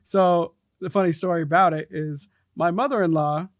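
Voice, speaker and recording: High-voiced, laughing podcast co-host man. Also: steady tone, normal speed, no room sound, clean studio sound. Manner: laughs often, easygoing. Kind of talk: casual podcast chat.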